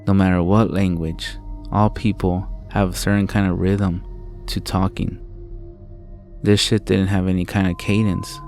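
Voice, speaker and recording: Deep, flat-voiced male horror narrator. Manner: low, steady storytelling with frequent swearing. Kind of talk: scripted narration of a first-person horror story.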